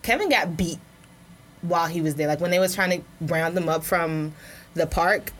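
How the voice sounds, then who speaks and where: A woman co-hosting a casual discussion, telling a story in a lively way. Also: fairly low pitch, moderate pace. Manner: animated storyteller. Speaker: podcast co-host.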